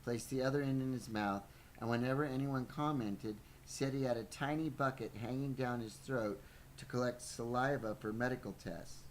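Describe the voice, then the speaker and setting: A man's voice: medium pitch, a little hiss or hum, poor audio. Man reading a book aloud, playful. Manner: reads aloud with stumbles and asides, playful. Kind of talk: live book reading with banter.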